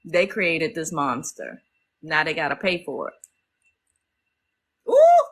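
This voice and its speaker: A woman's voice: low-pitched, normal speed, bright, forceful tone, rough recording. A middle-aged woman, hosting a casual livestream and talking emotionally to her viewers. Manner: emotional, talks straight to viewers as y'all. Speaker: livestream host.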